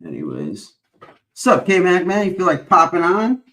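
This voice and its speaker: A man's voice: sits high, huge pitch swings, a little slow, a bit bright. A man hosting a stream, rambling in casual chat, swearing constantly and filling gaps with uh and whatchamacallit. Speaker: stream host.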